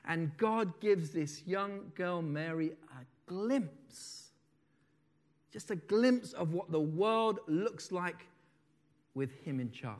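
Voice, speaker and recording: A man preaching a sermon, swinging between loud declarations and soft, slowed phrases, and reading a testimony aloud with feeling. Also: high voice.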